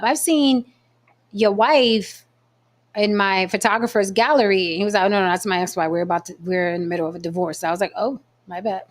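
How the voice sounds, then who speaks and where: A woman hosting a casual chat show, telling a story in a blunt, profane, animated way. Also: mid-range voice. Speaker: podcast host.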